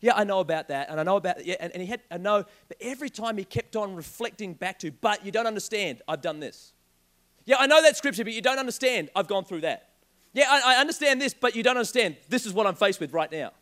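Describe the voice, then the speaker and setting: A young man preaching a sermon, telling a joking personal story in an animated way. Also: high-pitched, fast talker. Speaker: pastor.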